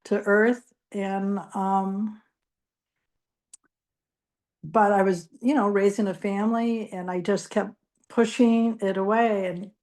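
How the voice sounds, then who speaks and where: A woman's voice: medium pitch, steady tone, slow, long pauses, a little mellow. A middle-aged woman guest giving a candid personal testimony and laughing at herself.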